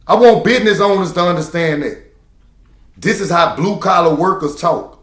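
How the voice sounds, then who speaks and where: A man's voice: high-pitched, normal speed, a bit bright, roomy sound. Emphatic man preaching to the camera. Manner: preachy, emphatic, repeats key phrases. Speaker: truck driver. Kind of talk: casual monologue to camera.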